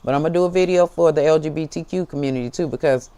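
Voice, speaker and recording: An American woman hosts a tarot show, delivering a fiery, profane, preachy monologue straight to camera and calling her listeners "baby." Her voice is low, dark and clean, and she races through her words with impassioned intensity.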